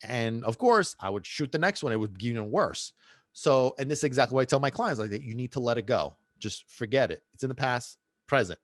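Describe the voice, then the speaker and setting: Middle-aged man, podcast host, rambling casual storytelling, dry close sound, mid pitch. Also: expressive, a little fast, no room sound. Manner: rambling, with frequent restarts and asides. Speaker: podcast host and dog trainer.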